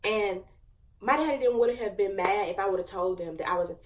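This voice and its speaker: A woman's voice: mid-range voice, brisk, far from the mic. A young woman in her late teens, casually telling a dramatic storytime with lots of slang and fillers. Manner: chatty, slangy, dramatic retelling. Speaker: vlogger.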